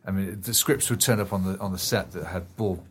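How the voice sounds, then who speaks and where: A man's voice: low voice, fairly quick, husky. A man co-hosting a podcast, chatting casually and rambling, often repeating his words. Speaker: podcast co-host. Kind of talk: casual chat.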